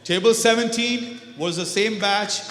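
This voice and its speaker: A man's voice: high voice, a little slow, fairly bright tone. A man in his thirties doing stand-up comedy in a large banquet hall, chatty and teasing the crowd, laughing at his own jokes.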